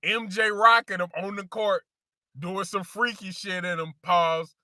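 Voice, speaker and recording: Brief: male sneaker vlogger, fairly high, very bright voice, loose slangy delivery full of repeats, dry close recording. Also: steady tone, a little slow, no echo. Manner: slangy, repeats phrases, addresses viewers as y'all. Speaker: sneaker show host. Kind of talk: casual sneaker commentary.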